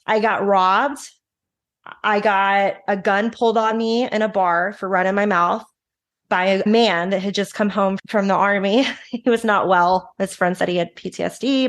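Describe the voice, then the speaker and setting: A woman in her thirties, a recovery advocate, telling her story frankly and emotionally in quick bursts with restarts. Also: medium pitch, fairly bright tone. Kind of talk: candid personal storytelling.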